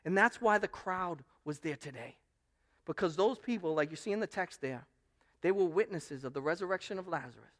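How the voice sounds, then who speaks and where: A male pastor preaching a sermon, swinging between loud proclamation and quiet asides. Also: on the high side.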